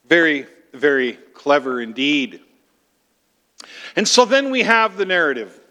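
A man's voice: on the high side, sing-song, a little slow, sharp tone, big-room sound. A man preaching a sermon, explaining scripture emphatically with rhetorical questions.

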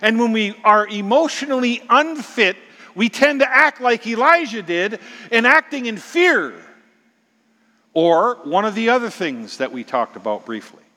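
A middle-aged man preaches with dramatic force, sinking into hushed whispers and then climbing to loud exclamations. His voice sits high and sounds bright and forceful. It carries a long reverb, as if he were recorded in a large hall. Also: expressive, measured pace. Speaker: pastor. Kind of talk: sermon.

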